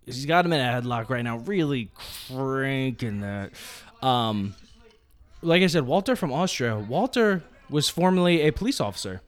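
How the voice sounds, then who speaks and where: Excitable man calling wrestling play-by-play. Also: mid-range voice, normal speed. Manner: excited, jumps into play-by-play commentary. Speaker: podcast co-host. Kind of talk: casual live-reaction chat.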